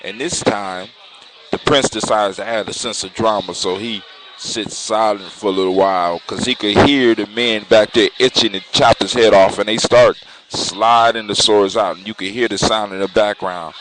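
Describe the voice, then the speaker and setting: A man telling a fairy tale in a relaxed, conversational way, with loose restarts. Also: fairly low pitch, normal speed. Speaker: storyteller. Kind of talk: casual oral storytelling. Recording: noisy recording with clicks.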